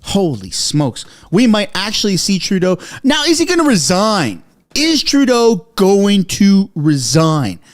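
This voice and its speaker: A man's voice: sits high, a little slow. Frantic, breathless man reacting live. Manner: excitable, shouting, swinging from frantic to muttering. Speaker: political commentary streamer. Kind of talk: live news reaction stream. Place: home basement.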